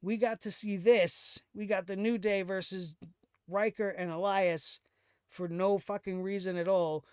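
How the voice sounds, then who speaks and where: A man with a fairly high, smooth, resonant voice rants through a casual show recap, sarcastic and exasperated, chuckling now and then. The sound is dry and close, with no room around it. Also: steady tone, measured pace, darkish tone, no room sound. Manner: sarcastic, exasperated ranting with laughs. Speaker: wrestling show host.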